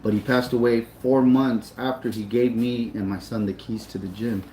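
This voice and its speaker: A man's voice: mid-range voice, steady tone, moderate pace, mellow, roomy sound, slight background noise, low-quality recording. A man telling a personal story in casual, profane speech, with emotion and plenty of repetition. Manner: emotional, profane, repeats himself. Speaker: storyteller recounting his son's boxing.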